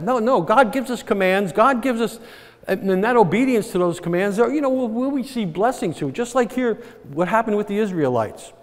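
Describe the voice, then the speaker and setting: A man preaching a sermon in a fairly high voice. He is earnest and circles back over his points, often turning to the congregation for agreement. His words trail off into a long reverb, as in a big church sanctuary. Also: big pitch swings, fairly quick. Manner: earnest, repetitive, asks the congregation "right?". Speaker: pastor.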